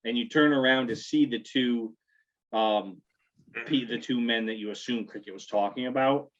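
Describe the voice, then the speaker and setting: A man's voice: mid-range voice, moderate pace. Man narrating as game master. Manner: loose, with many ums and restarts. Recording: dull lo-fi audio.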